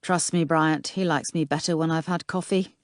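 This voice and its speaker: A woman voicing a brisk, commanding female detective inspector giving orders to her team. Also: low-pitched, fairly even intonation, no echo, studio quality, close to an everyday voice.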